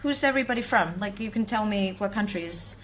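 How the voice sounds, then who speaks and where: A woman's voice: medium pitch, animated, brisk, a little hiss or hum. A woman singer chatting casually on a livestream, rambling with many "you know"s and laughs. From Iceland. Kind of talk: casual chat.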